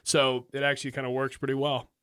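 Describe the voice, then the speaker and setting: A man's voice: medium pitch, monotone, fast talker, a bit bright, clean tone, dry recording, studio quality. A man co-hosting a casual sports radio show, jokey and full of playful riffs. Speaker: radio co-host.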